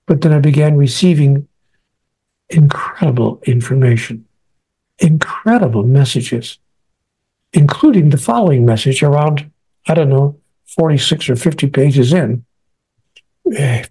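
A man's voice: medium pitch, unhurried, dark tone, slightly rough. A man being interviewed as an author, telling a personal story earnestly and acting out the lines he quotes. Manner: earnest, acts out quoted speech.

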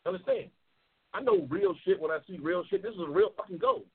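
A talk show host from New York City talks loud and passionate, swears heavily, and reads out viewer comments on a live show. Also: male voice, high-pitched, brisk, slightly rough. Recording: tinny phone-like audio.

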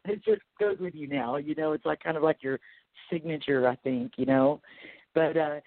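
A woman's voice: deep voice, normal speed, dry recording. A woman with a Texas accent hosting an interview, chatty and enthusiastic. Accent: Texan. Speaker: host. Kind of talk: casual interview. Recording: tinny phone-like line, dry.

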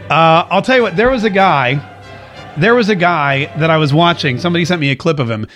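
A man with a notably high voice hosts a casual commentary show from home. He talks in a chatty, rambling way, reading out viewer comments and dropping sarcastic asides. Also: sing-song, fairly quick, fairly bright tone, soft background music. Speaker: show host.

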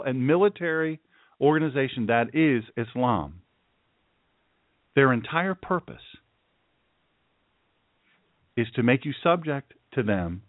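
A man who is a pastor hosting his own show, preaching forcefully and emphatically, often repeating himself for effect. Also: mid-range voice, no room sound. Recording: dry, tinny phone-like sound.

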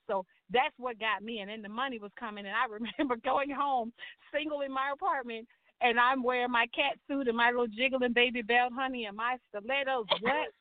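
A middle-aged woman, telling her life story as a talk show guest in an animated way, acting out voices and crying out to the Lord. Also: a little high, brisk, no echo. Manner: animated storytelling, acts out quotes, churchy exclamations. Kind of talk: personal testimony in a talk show. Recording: tinny phone-line sound.

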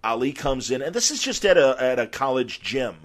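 A man's voice: medium pitch, a little fast. Man telling a story on a podcast. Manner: animated, acts out quotes. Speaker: podcast host and former sports reporter. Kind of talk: casual anecdotal storytelling.

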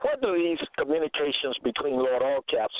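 A man preaching scripture in a slow, deliberate way, repeating phrases and checking in with "okay?". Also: medium pitch, dry recording. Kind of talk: scripture teaching monologue. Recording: tinny phone-line sound, dry.

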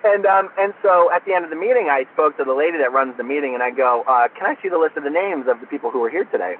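Rapid-fire and somewhat high-pitched, a man from Florida spins a casual anecdote as an interview guest, voicing the characters' dialogue with lively energy. It comes through a thin, tinny phone line carrying faint noise.

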